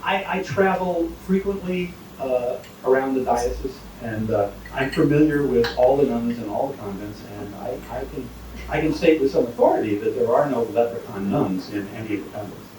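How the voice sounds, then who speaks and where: A man's voice: mid-range voice, lively intonation, moderate pace, a little mellow, a little hiss or hum, natural voice. A man voicing a patient, authoritative female Mother Superior, hesitant and apologetic but emphatic. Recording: distant, echoey phone recording.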